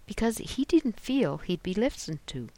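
Calm persuasive tutor read by the narrator, smooth and sure of himself, audiobook, dry close voice. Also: medium pitch, moderate pace, no echo, pitched above the performer's own voice. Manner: smooth, soothing, self-assured.

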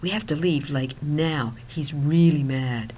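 A woman voicing a panicked teenage girl, speaking high, breathless and urgent. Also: measured pace, a little mellow, a little hiss or hum.

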